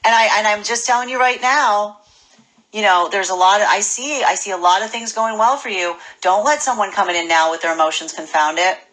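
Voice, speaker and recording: A woman giving a casual spoken tarot reading, animated and full of restarts and repeated words. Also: medium pitch, brisk, low-quality recording. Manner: acts out imagined people's voices. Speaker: tarot reader.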